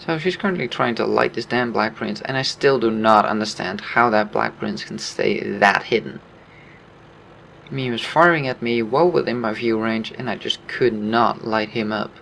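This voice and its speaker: A man giving casual commentary over his own gameplay, relaxed, laughing often and explaining his moves. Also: fairly low pitch, normal speed, creaky, slight background noise.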